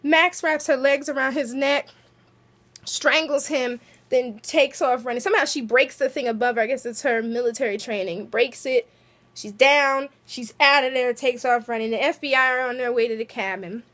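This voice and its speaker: Brief: woman, high and bright voice, chatty show recapper, animated asides. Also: normal speed. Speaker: TV episode recapper. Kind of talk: casual episode recap.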